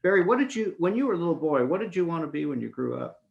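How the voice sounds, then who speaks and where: A man's voice: a little high, big pitch swings, quick pace, creaky, muffled recording. A man interviewing a guest speaker, asking questions and responding with friendly appreciation.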